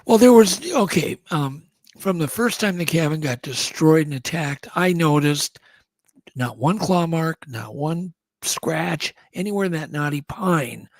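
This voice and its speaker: Gravelly, husky man telling a story. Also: a little high, unhurried, no echo. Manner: animated storyteller, acts out what others said. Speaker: guest. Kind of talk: casual storytelling on a radio show.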